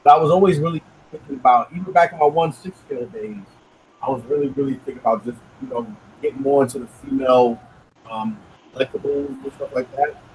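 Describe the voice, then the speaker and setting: A man's voice: medium pitch, quick pace, darkish tone, a little hiss or hum, poor audio. A man on a collectors' panel, rambling and hesitant. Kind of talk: casual chat.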